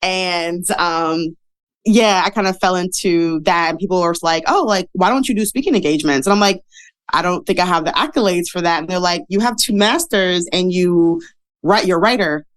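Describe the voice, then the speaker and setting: A woman with a fairly low voice chats through her stories in a casual interview. She acts out the people she quotes, jumping high in pitch for their lines, then drops back to her easy storytelling tone. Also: normal speed. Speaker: podcast guest, model and speaker.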